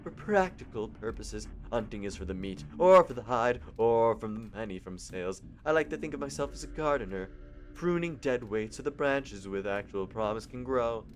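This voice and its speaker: A man's voice: mid-range voice, animated, normal speed, pitched below the performer's own voice, close to an everyday voice. A man doing a smug, mocking young killer. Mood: smug menace.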